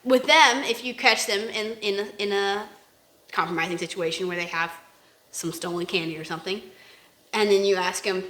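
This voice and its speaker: A woman's voice: mid-range voice, moderate pace, fairly bright tone. A woman co-hosting a casual faith discussion, rambling and acting out examples in quoted voices. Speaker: podcast co-host. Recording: roomy echo.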